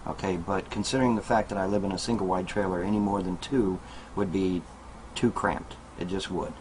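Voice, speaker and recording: A man's voice: low-pitched, fairly even intonation, a little fast, a little mellow, a little hiss or hum, poor audio. A man talking casually to a webcam at home in a small trailer, rambling and repeating himself, with many fillers and asides to his viewers. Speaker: video blogger. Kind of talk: casual monologue to camera.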